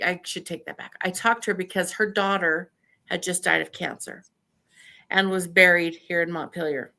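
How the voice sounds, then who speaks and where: An older woman from Idaho with a bright, forceful voice, telling stories in an easy, chatty way. She acts out what people said to her and laughs often as she goes. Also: fairly low pitch, gravelly. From Idaho, USA. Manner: animated storyteller who laughs often and acts out quotes. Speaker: podcast guest. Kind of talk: casual storytelling interview.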